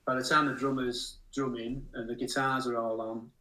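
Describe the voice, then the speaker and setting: A man's voice: mid-range voice, little pitch movement, moderate pace, pushed and bright. A middle-aged man, chatting casually as an interview guest in a rambling, self-mocking way. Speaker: guest musician. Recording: roomy room from a distant mic.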